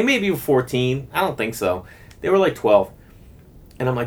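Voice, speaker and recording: A man in his thirties hosting a podcast, telling a long casual story, rambling and animated with lots of fillers and restarts. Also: medium pitch, fast talker. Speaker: podcast host.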